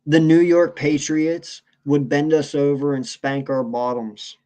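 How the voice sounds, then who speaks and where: A man's voice: on the high side, level tone, measured pace, warm tone. A man co-hosting a sports podcast, ranting in a heated, profane, casual way. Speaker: podcast co-host.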